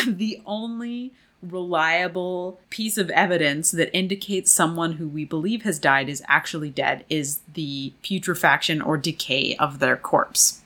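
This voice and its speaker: A woman's voice: low-pitched, bright, forceful tone. A woman presenting history research in a casual, chatty way, with frequent fillers. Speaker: podcast co-host presenting research. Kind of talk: casual informative chat.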